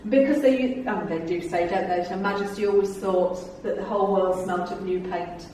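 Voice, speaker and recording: A middle-aged woman speaking as a guest at a club meeting recalls her tour-guide years in a chatty, humorous way, laughing often and telling stories theatrically. Her voice is mid-range and mellow at a moderate pace. Captured far from the mic in a very echoey room, the recording carries slight background noise.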